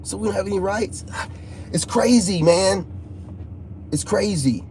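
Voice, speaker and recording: A man rambles to his viewers in a loose, animated vlog monologue with a fairly high voice. He circles back on his words, repeating phrases as he talks. A faint hum of vehicle noise sits behind him. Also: a little slow. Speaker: YouTuber.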